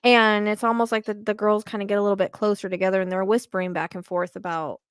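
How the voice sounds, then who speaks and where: A woman's voice: mid-range voice, level tone, fast talker, hardly any pauses, clean tone, no echo, studio quality. A woman giving a psychic reading in casual, hesitant talk full of fillers and restarts. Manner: hesitant, rambling with many fillers. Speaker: psychic medium.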